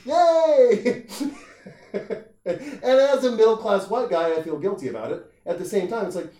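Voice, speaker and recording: A middle-aged man in casual comedic conversation, swearing freely and slipping into quick put-on voices for the people he quotes. His voice sits somewhat high for a man, and the room around him rings with a noticeable echo. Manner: animated, profane, acts out quoted people in jumping voices. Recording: roomy echo.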